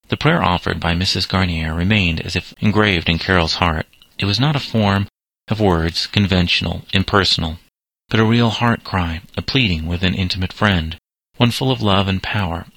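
A man reading an audiobook chapter with a low, bright-edged voice. The recording is close and dry. His telling stays steady and measured. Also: dry recording, poor audio. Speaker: audiobook narrator. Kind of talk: scripted narration.

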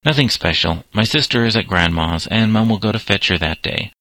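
A man reading aloud, voicing a troubled teenage boy who speaks quietly and reluctantly. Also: fairly low pitch, expressive, fairly quick, no room sound.

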